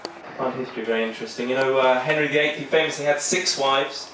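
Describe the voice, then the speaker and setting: A man doing a stand-up comedy set on a small club stage, rambling and self-deprecating with a deadpan delivery. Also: mid-range voice, fast. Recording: echoey club, mic heard from far, noisy.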